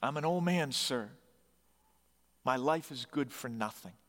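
A frail old priest speaks softly and calmly, as a preacher puts him on, slow and humble. His quiet words trail off into the long reverb of a hall. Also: medium pitch. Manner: soft, calm, quietly pleading. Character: frail, calm elderly male priest.

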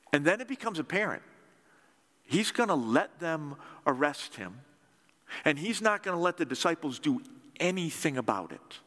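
A man preaching with a bright, ringing voice that swings widely up and down as he acts out the story. His words carry a long reverb, as from a big church hall. He pulls the congregation in with call-and-response. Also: fairly high pitch. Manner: animated storytelling, acting out dialogue with audience call-and-response. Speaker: pastor. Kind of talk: sermon.

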